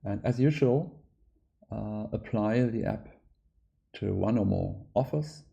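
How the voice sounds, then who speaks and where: German-accented male developer, slow deliberate pace, low voice, halting tutorial delivery. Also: vocal fry, warm tone, dull audio. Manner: hesitant, many filler sounds. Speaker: app developer giving a tutorial. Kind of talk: screen-recorded software walkthrough.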